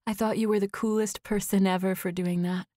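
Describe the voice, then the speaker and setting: A woman's voice: mid-range voice, little pitch movement, a little fast, warm tone, no echo, clean studio sound, close to an everyday voice. A woman narrator voicing a nervous, breathless woman in her thirties who rambles on a phone call, read as audiobook dialogue. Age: 30s.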